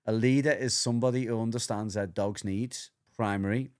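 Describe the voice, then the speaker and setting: A man co-hosting a casual podcast chat, explaining dog behaviour as an animated storyteller who acts out voices and swears freely. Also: on the low side, brisk.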